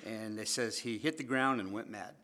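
Guy preaching in church, bright punchy voice, jokes around with the crowd. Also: on the low side, moderate pace. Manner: animated, joking with the congregation. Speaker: pastor. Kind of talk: sermon.

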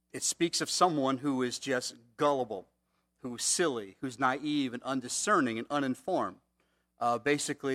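A man's voice: mid-range voice, fairly bright tone. A man preaching a conversational sermon, asking the congregation rhetorical questions. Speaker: pastor.

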